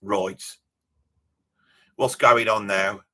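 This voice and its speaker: A man's voice: lowish voice, fairly even intonation, very slow, bright, forceful tone. A middle-aged man with a Birmingham accent, rambling and joking as he reads viewer comments on a live stream. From Birmingham, England. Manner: rambling, jokey, mock-boastful. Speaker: guest on a live reaction stream.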